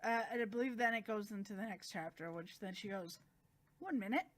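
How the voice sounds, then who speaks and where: A woman chattily recapping manga chapters, animated and acting out the characters' lines as she goes. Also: mid-range voice, brisk. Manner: chatty, animated, acts out quotes. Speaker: manga reviewer.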